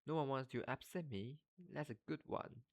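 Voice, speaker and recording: Man reading a tearful, dramatic ghost schoolgirl; his low voice nudged a little higher. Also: expressive, normal speed, no echo. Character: weepy self-pitying ghost schoolgirl.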